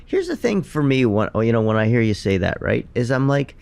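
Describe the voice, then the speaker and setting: A man's voice: medium pitch, huge pitch swings, brisk, vocal fry, darkish tone. A man co-hosting a live podcast Q&A at a seminar, making his points in an earnest, emphatic way. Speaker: podcast co-host. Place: seminar stage.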